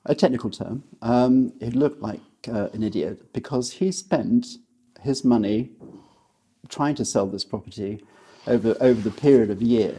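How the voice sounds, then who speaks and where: A man giving property-selling advice in an interview, speaking in a measured way with many hesitations and restarts. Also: medium pitch, mellow, breathy edge. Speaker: guest, property sales expert. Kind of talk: conversational interview.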